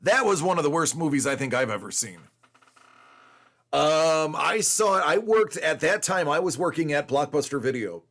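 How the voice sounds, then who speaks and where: A man's voice: fairly high pitch, sing-song, normal speed, a bit bright. A man in his forties, host of a collecting show, telling a rambling story in casual chat with lots of fillers.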